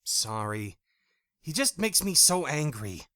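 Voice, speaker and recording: A hot-tempered young woman in an audiobook, as a male narrator puts her on, bright and lively in tone. She snaps out curt, blunt retorts, recorded dry and close. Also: fairly high pitch, slow pace, no room sound, pitched above the performer's own voice, exaggerated voice. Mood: worried. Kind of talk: audiobook character voice.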